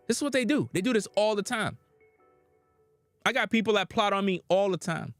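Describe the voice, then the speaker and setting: A man delivering street-style preaching commentary in an emphatic, slangy way with drawn-out dramatic pauses. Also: high voice, lively intonation, fairly bright tone, no echo, faint music behind.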